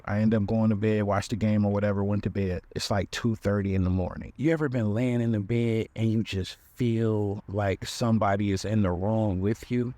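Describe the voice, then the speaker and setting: A male podcast host telling a comic dating story in an animated, conversational way, acting out the voices he quotes. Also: fairly low pitch, normal speed, hardly any pauses, no room sound.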